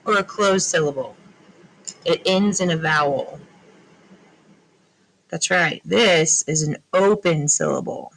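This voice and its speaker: A woman's voice: medium pitch, a bit bright, a little hiss or hum, rough recording. A woman teaching a phonics lesson to young students, patiently asking questions and answering them herself. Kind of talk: slow classroom phonics lesson.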